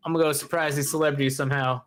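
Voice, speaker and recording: A man chatting on a podcast with a slightly higher-than-average voice. He is laid-back and quick with a joke, tossing off short reactions and asides. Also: fairly even intonation, a bit bright. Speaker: podcast co-host. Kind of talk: casual chat.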